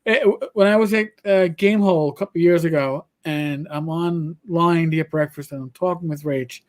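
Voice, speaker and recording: High-voiced New York man hosting. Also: moderate pace. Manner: rambling, repeats words while talking. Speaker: podcast host. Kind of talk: casual livestream chat.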